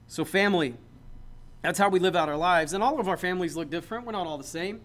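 A man's voice: high-pitched, fast talker, fairly bright tone. A man, a pastor, preaching a sermon in a conversational, joking way that builds to emphatic points.

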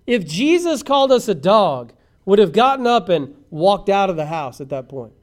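A man's voice: sits high, very animated, moderate pace. A male pastor preaching a sermon, talking straight to his congregation and building to impassioned peaks. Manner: preaching, rising to impassioned crescendos; asks the congregation questions directly.

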